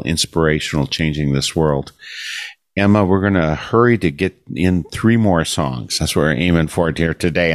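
A man's voice: a bass voice, dry recording, studio quality. A man hosting a community radio interview, talking in an earnest, enthusiastic and rambling way. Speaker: radio host.

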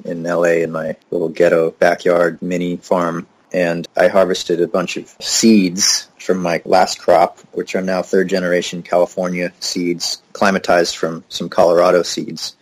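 A young man with a very deep voice chats as an interview guest. He tells stories in a loose, easygoing way, often breaking into a laugh. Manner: relaxed storyteller, laughs easily. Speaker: musician guest. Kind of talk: casual interview conversation.

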